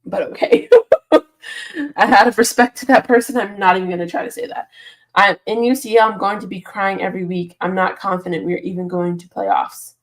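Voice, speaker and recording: A woman's voice: mid-range voice, moderate pace. Woman, live stream host, casual chat, sleepy, reads comments aloud, laughs often. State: sleepy, yawning early in the morning. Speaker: football channel host reading live chat.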